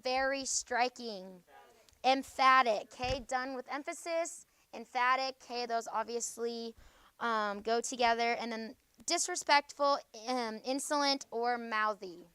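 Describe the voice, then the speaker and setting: A young woman teaching a school class, reviewing vocabulary briskly and checking in with "okay?" after nearly every point. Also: a little high, bright, forceful tone, clean tone, no echo. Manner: brisk, peppers talk with "okay?".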